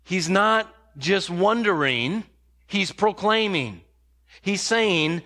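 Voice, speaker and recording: Male pastor, high bright voice, emphatic sermon delivery. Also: expressive, takes it slowly. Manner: emphatic, varies pace for emphasis.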